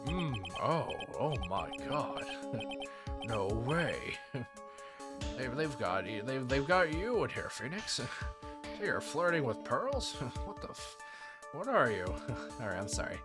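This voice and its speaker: A man's voice: medium pitch, sing-song, slow, long pauses. A man playing through a video game and commenting casually, giggling and cutting off swears mid-word. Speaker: let's play co-host. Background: loud game music.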